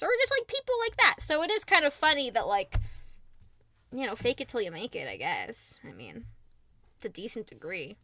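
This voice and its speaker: A woman's voice: a little high, huge pitch swings, moderate pace, pushed and bright, no room sound. A woman hosting a casual chat podcast, laughing often and swearing while she tells stories.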